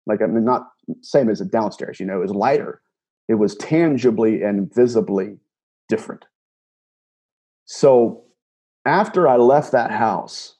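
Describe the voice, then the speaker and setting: A man being interviewed, retelling a personal encounter in an animated way, often restarting and repeating words. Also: fairly low pitch, slightly rough. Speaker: guest, paranormal investigator. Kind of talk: storytelling interview.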